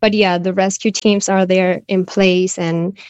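A woman's voice: mid-range voice, little pitch movement, unhurried, a little mellow, dry recording, highs cut off. A woman charity volunteer speaking steadily and earnestly in a news interview.

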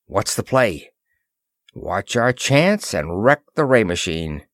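A man's voice: fairly low pitch, very animated, slow pace, no room sound, studio quality. A man voicing a cool male flyer who drawls, mutters and speaks with sarcasm. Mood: sardonic.

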